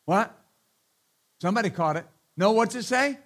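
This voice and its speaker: A man's voice: sits high, lively intonation, a little slow, fairly bright tone. A middle-aged male pastor preaching a sermon, emphatic, often calling out hallelujah and amen, with joking asides to the congregation.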